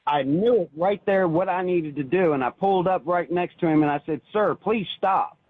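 A man calling in to a radio show and telling a personal story in an earnest, halting way, with many restarts. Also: a little high, no echo. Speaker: caller. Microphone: phone. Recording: tinny phone line.

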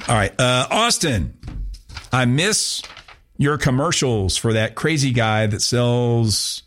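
A man's voice: mid-range voice, fairly bright tone. A man hosting a talk radio show in a chatty, rambling, self-mocking way. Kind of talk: casual talk radio chat.

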